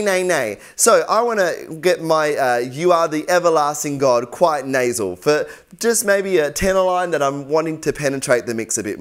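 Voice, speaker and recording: Smooth-voiced man coaching singers. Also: on the high side. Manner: encouraging, easygoing teaching. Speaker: vocal coach. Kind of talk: instructional tutorial.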